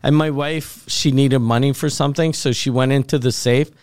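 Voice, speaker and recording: A man's voice: medium pitch, fairly even intonation, normal speed, darkish tone, clean tone, no room sound, clean studio sound. A man telling a rambling story in casual podcast chat, swearing often.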